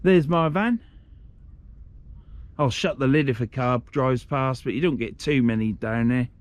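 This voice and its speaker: A man's voice: medium pitch, a little slow. A middle-aged man, filming a casual outdoor vlog by a riverside shore on a handheld camera, talking in a blunt, grumbling way and swearing freely. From England. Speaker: fishing vlogger.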